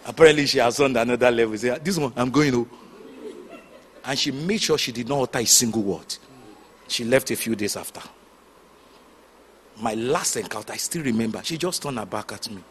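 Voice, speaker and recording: A man preaching a sermon, telling stories with sudden shouts and hushed asides. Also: medium pitch, fairly quick, pauses often, slight background noise. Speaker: pastor.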